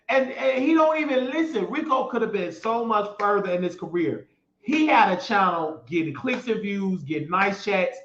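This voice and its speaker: High-voiced sassy man ranting gossip. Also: a bit bright. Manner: sassy, mocking, repeats phrases for emphasis. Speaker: show host. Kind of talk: gossip commentary rant. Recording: echoey room, dull lo-fi sound.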